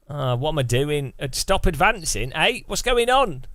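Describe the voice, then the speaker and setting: A man talking over a game at his desk, sardonic and full of muttered asides. His voice sits fairly high and swings widely in pitch, with faint game music underneath. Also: big pitch swings, normal speed, hardly any pauses, fairly bright tone. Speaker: gaming YouTuber. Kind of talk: casual gameplay commentary.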